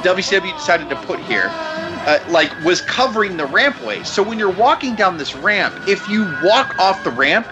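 A man's voice: sits high, lively intonation, normal speed, over music. A man hosting a podcast, telling a story in casual chat, incredulous, laughing and swearing often. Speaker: podcast host.

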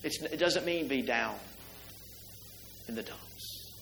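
A man's voice: on the high side, huge pitch swings, takes it slowly, creaky, fairly bright tone, echoey room, faint music behind, low-quality recording. A middle-aged man preaching a sermon to his congregation in a church, talking conversationally and asking the listeners many rhetorical questions. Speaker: pastor. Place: church sanctuary.

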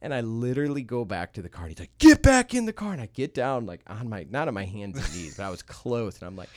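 A man in his thirties telling stories in a casual podcast chat, animated and acting out voices. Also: on the low side, fast, dry recording, studio quality. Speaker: guest, real estate entrepreneur.

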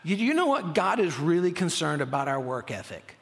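A man preaching a sermon as pastor, energetic and animated, often stammering and restarting his words. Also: on the high side, brisk, vocal fry. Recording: long hall reverb.

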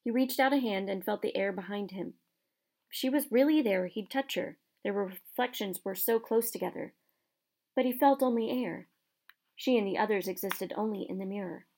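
Soft-spoken woman reading a storybook. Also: medium pitch, moderate pace. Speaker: audiobook narrator. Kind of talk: storybook narration.

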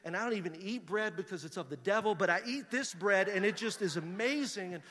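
A middle-aged man, a pastor telling a story in a sermon and building to loud preaching. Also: high-pitched, brisk. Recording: reverberant hall.

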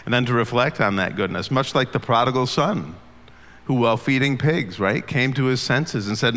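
A man's voice: medium pitch, moderate pace, creaky, fairly bright tone. A man preaching a sermon as pastor, earnest and conversational, asking the congregation questions. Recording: long hall reverb.

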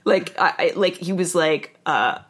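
A woman chatting casually with friends, an animated storyteller who swears freely. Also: on the low side, measured pace, husky. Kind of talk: casual chat.

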